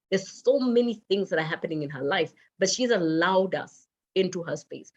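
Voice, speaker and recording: A Kenyan woman speaks about self branding in an emphatic, driving way, breaking into the voices of the people she describes. Her voice sits low. The sound is dull and muffled, like audio from an online session. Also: animated, moderate pace, few pauses, husky. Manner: emphatic, quotes people directly. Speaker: radio manager, guest speaker.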